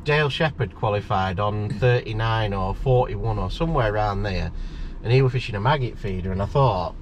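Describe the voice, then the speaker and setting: A man's voice: on the low side, a little fast, a little hiss or hum. A man chatting casually as co-host, a rambling storyteller with blunt banter, in a parked van. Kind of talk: casual chat.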